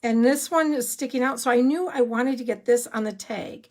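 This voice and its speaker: A woman giving a live card-making tutorial, chatty and excitable, rambling a little as she works. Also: a little high, moderate pace.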